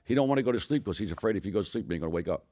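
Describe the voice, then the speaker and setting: Deep-voiced older Philadelphia man, fast and profane. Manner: profane, rambling, animated storytelling. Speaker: podcast co-host telling stories. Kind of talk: casual storytelling.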